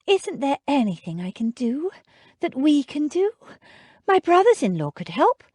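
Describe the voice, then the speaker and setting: A woman's voice: sits high, very animated, unhurried, a little mellow, no echo, clean studio sound, pitched above the performer's own voice. A woman voicing an earnest young debutante who pleads emotionally in an audiobook. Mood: distressed.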